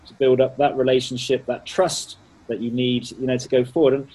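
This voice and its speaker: Man, interviewer, dark mellow voice, a bit husky, long searching questions. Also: mid-range voice, flat delivery, brisk, low-quality recording. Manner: searching, rambling question phrasing.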